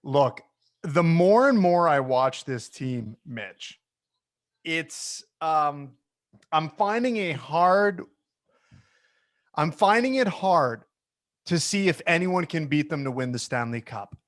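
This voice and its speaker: Emphatic guy cohosting a sports pod, kinda high voice, keeps repeating himself. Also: expressive, takes it slowly, long pauses. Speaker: podcast co-host. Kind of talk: casual sports chat.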